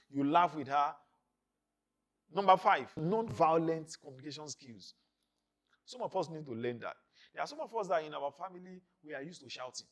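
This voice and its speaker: A male pastor with a slightly high voice preaches on marriage, emphatic and repetitive, his loudness rising and falling.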